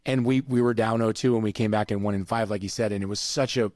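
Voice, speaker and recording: A man's voice: lowish voice, steady tone, fast, darkish tone, dry recording, clean studio sound. A middle-aged man hosting a podcast, enthusiastic and chatty, often jumping in during casual conversation. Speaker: podcast host. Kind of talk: casual chat.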